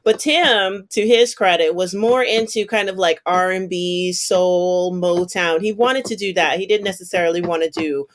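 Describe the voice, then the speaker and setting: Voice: mid-range voice, fairly even intonation, normal speed, hardly any pauses. An American podcast co-host chatting easily about music history, often agreeing and adding points. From United States. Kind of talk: casual podcast chat.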